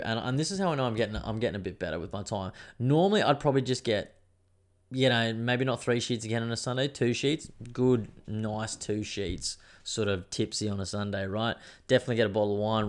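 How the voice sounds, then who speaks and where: A man's voice: fairly low pitch, fairly quick, darkish tone. A young adult man, hosting a podcast in a rambling, sweary, laid-back casual chat. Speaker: podcast host.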